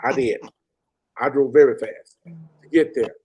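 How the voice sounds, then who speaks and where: A man's voice: mid-range voice, fairly even intonation, unhurried, mellow, breathy edge, poor audio. A middle-aged man from Arkansas, a former police detective earnestly telling a personal story and repeating phrases for emphasis. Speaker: podcast guest.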